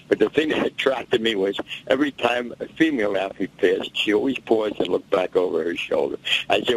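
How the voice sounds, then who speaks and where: An older man, a boxing historian, telling stories in an interview and acting out the quotes with animated energy. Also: lowish voice, fairly quick, gravelly, hardly any pauses, slight background noise, rough recording. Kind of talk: interview storytelling.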